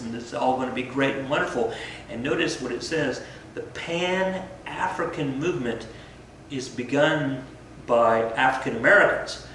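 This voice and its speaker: A man's voice: mid-range voice, a bit bright, a little hiss or hum. A male teacher giving a casual, rambling lecture with lots of self-corrections and fillers. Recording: very echoey room, from far off the mic.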